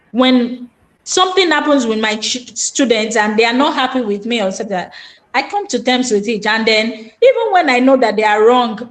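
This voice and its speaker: A middle-aged woman, a Montessori educator, giving earnest parenting advice and acting out parent-child exchanges. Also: on the high side.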